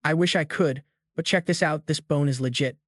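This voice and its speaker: A man's voice: a little high, moderate pace, no echo, natural voice. A cocky young hero tosses off slangy, easygoing lines, as a man reads him in his own narrating voice. The sound is dry and close. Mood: casual. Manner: casual, slangy. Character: cocky, laid-back young male hero.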